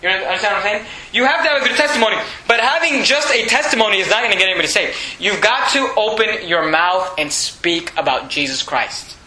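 Emphatic preacher with a bright, high voice. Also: male voice, lively intonation, a little fast, few pauses. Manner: emphatic, rising to loud bursts. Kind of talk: sermon. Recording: echoey room, faint hum.

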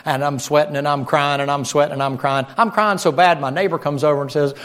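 A man preaching a folksy, animated sermon and joking with his congregation. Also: on the high side, quick pace.

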